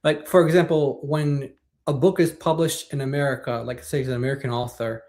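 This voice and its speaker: A man's voice: medium pitch, fairly even intonation, brisk, a little mellow. A man co-hosting a live-streamed talk show, explaining points in casual chat and often restarting his phrases.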